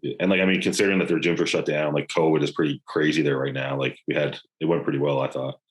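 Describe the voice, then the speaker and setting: A man's voice: rumbling low, fairly even intonation, fast, low-quality recording. A young man co-hosting a podcast, chatting casually and loosely, with lots of "like" and "yeah". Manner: laid-back, filler-heavy with lots of "like". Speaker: podcast co-host. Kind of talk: casual chat.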